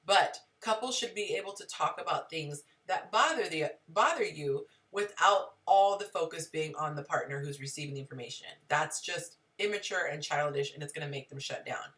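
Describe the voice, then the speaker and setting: A woman's voice: low-pitched, normal speed, few pauses, a bit bright, distant mic. A woman hosting a live relationship advice stream, talking conversationally and greeting viewers in the chat.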